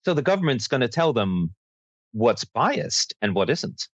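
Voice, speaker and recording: A man's voice: mid-range voice, very animated, unhurried, slightly rough, no room sound. Sardonic man with a swooping voice. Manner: sardonic, mock-formal asides, swooping intonation. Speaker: podcast co-host. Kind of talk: casual political chat.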